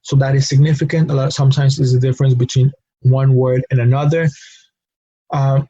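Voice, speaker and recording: A man's voice: medium pitch, level tone, brisk, mellow, slightly rough, dry recording, muffled recording. Patient man teaching a language lesson. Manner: patient, repeats himself, tag question "no?". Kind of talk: recorded classroom lesson.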